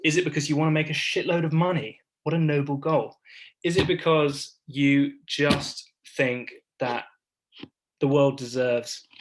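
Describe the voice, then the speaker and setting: A man's voice: medium pitch, rough recording. A man leading an online workshop over a video call, chatty and self-deprecating, with many restarts. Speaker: workshop speaker.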